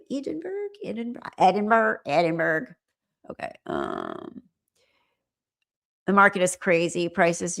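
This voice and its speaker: Middle-aged lady rambling to her stream chat, slightly low voice, keeps restarting her sentences. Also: vocal fry. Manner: rambling, chatty, trails off and restarts. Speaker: livestream host. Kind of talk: casual chat with viewers.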